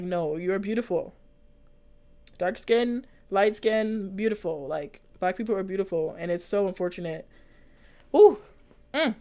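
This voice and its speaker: A woman's voice: medium pitch, a little mellow. A young woman talking casually and earnestly to her viewers as a vlogger, rambling with lots of fillers and restarts. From United States. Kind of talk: casual chat, reading and answering live comments.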